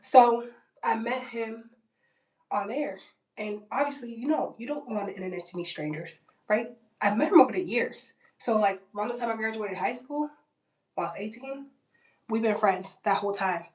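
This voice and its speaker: A woman's voice: fairly high pitch, normal speed, darkish tone. A woman in her twenties telling a story in a casual, blunt vlog, with frequent fillers and swearing. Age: 20s. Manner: chatty and blunt, heavy on "like" and swearing. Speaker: vlogger. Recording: roomy, distant from the mic.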